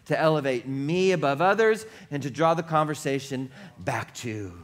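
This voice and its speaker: Preaching at a moderate pace in a church sanctuary, this male pastor has a fairly high voice with lively intonation. He's chatty and self-deprecating, using humor and repeating phrases playfully.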